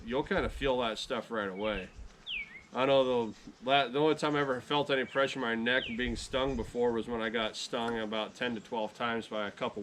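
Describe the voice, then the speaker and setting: A man chatting casually to camera outdoors beside his beehives in a relaxed, rambling way, often correcting himself. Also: medium pitch, slight background noise. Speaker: beekeeping vlogger.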